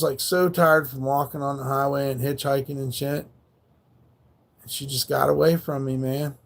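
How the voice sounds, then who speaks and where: A man's voice: fairly high pitch, creaky. A man hosting a livestream, telling a rambling, profane story in casual slangy speech. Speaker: livestream host.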